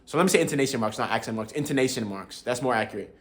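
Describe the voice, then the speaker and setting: In an expressive, slightly bright mid-range voice, a young man races through an explanation of tones for his viewers. The language learner keeps it casual and conversational, frequently chuckling and addressing them as bro.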